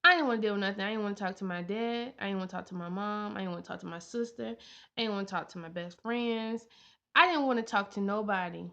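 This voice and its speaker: A woman's voice: medium pitch, fast talker, creaky, sharp tone. A young woman vlogging in an earnest, heartfelt way, repeating her lines for emphasis. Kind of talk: personal vlog talk. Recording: dull lo-fi sound.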